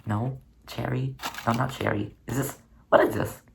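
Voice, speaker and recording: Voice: medium pitch, steady tone, normal speed, vocal fry, noisy background. A crafting vlogger narrating their own paper project in a rambling, chatty, self-mocking way. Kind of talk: casual narrated crafting vlog.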